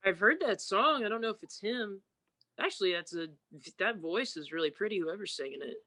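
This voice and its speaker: A woman's voice: medium pitch, lively intonation, brisk, bright, forceful tone, no room sound. A woman guest musician chatting casually on a podcast, telling candid, loose stories and mimicking people.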